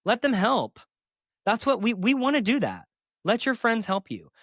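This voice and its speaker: A man's voice: very high voice, very animated, moderate pace, a bit bright, no room sound, studio quality. A man hosting a solo podcast as a therapist, talking candidly and emphatically, with sassy asides.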